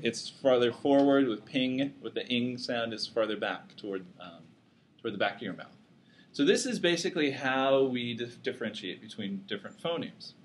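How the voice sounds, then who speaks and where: A man's voice: mid-range voice, slight background noise. A man teaching a psychology class, lecturing casually and joking with his students. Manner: casual, joking, self-deprecating.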